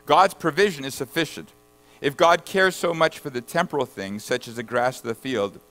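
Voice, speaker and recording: A man preaching a sermon and reading scripture aloud, rising to loud emphatic bursts and then dropping low and soft. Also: rough recording. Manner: reads scripture verses aloud. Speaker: pastor.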